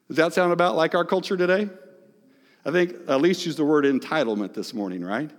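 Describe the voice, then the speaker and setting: A male pastor preaching a sermon, swinging between hushed, soft phrases and loud, emphatic ones. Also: fairly high pitch, fairly quick. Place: large church hall. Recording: long echoing hall reverb.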